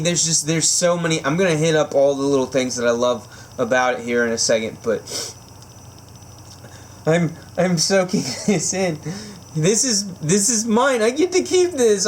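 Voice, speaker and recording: A man's voice: fairly high pitch, slight background noise. Giggly, gushing man unboxing a knife. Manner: gushing, giggly, overcome with excitement. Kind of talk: unboxing vlog. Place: indoors at home by candlelight.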